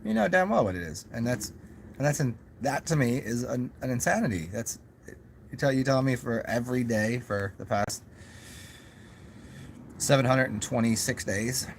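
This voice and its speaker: A man's voice: medium pitch, normal speed, pauses often, slight background noise. A young man talking in a casual, rambling monologue to his camera, musing aloud with many restarts and asides. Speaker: vlogger.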